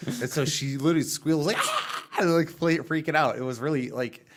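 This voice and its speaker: A man in his thirties hosting a casual podcast, chatty and animated, laughing and chiming in with his own memories. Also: on the high side, quick pace, background noise. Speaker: podcast host.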